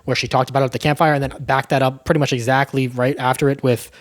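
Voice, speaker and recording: A man's voice: mid-range voice, little pitch movement, quick pace. A young man giving a casual, profane movie recap, with frequent asides of "right?" and "like". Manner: chatty, profane, tags lines with "right?". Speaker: movie reviewer.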